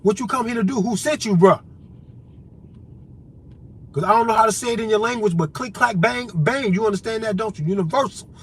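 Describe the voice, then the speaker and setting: A man's voice: high voice, brisk, long pauses, breathy edge. Heated, confrontational man ranting. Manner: profane, confrontational, heated, addresses listeners directly. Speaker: vlogger. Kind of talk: unscripted monologue rant.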